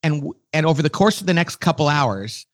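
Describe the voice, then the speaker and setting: A middle-aged man as a podcast guest, telling a story with quick, enthusiastic energy. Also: a little high, expressive. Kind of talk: casual conversation.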